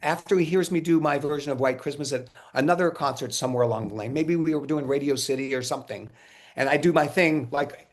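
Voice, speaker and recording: Man telling lively stories, slightly high. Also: fast talker. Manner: animated storyteller, acts out quotes, laughs often. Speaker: interview guest, musician. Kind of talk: casual anecdotal interview.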